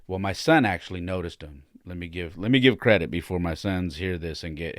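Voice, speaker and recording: A man with a low, deep voice tells a story from his own life in a relaxed, chatty way. He often stops and restarts his sentences. The sound is dry, with no room echo. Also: fairly quick, few pauses. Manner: loose and conversational, many fillers and restarts. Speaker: podcast host and father. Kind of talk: casual personal storytelling.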